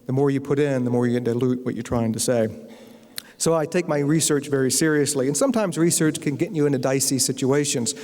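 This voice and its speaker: A man's voice: mid-range voice, fairly quick, a little mellow. Wry storytelling man in a reverberant hall. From Virginia, USA. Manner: wry storyteller, acts out quoted voices. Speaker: novelist giving a guest lecture. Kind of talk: humorous anecdotal lecture. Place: university lecture hall. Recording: long lecture-hall reverb.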